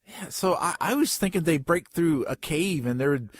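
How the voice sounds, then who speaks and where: Animated rambling man with a lisp. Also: on the high side, moderate pace, no echo. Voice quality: slight lisp. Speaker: podcast co-host. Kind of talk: casual comedic chat.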